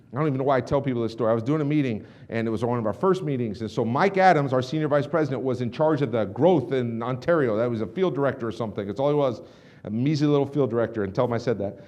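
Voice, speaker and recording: A middle-aged man giving an intense storytelling speech as a motivational speaker, swinging between hushed confessions and loud outbursts. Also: mid-range voice.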